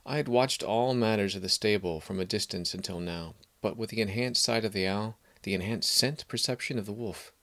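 Man narrating a fantasy audiobook, calm steady reading, lower voice. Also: brisk, few pauses.

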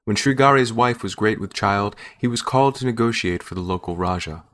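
A man with a lowish voice reads a first-person story in a measured, steady manner. It's scripted narration, calm and unhurried, in the classic audio fiction style.

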